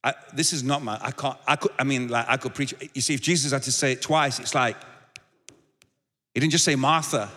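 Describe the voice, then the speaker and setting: A man's voice: mid-range voice, fairly even intonation, brisk, fairly bright tone, big-room sound. A man preaching a sermon as pastor, talking conversationally and repeating words as he goes. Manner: conversational, repeats words, shifts into acted quotes.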